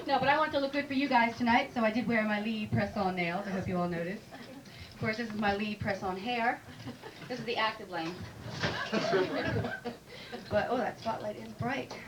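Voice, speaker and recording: A woman's voice: fairly high pitch, moderate pace, long pauses. A female stand-up comedian with a wry, self-deprecating delivery, heard on a distant mic in a noisy club.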